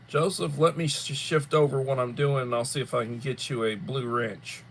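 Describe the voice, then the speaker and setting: A tired, yawning man hosting a casual livestream chat, rambling and unhurried, often repeating words. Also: medium pitch, gravelly, a bit bright, a little hiss or hum. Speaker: livestream host.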